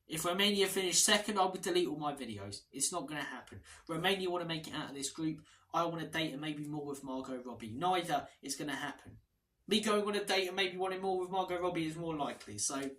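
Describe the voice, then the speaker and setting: A man's voice: medium pitch, fairly bright tone, rough recording. A man hosting a casual football predictions vlog, chatty, blunt and opinionated. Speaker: football channel host.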